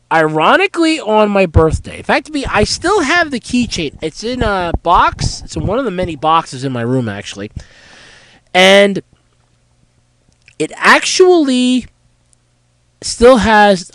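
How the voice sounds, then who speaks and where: A man hosting a solo podcast, nasal and congested from a head cold, with a sore throat, chatting in a rambling way full of fillers and pauses. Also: sits high, no room sound, poor audio. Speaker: podcast host. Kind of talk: casual solo podcast talk.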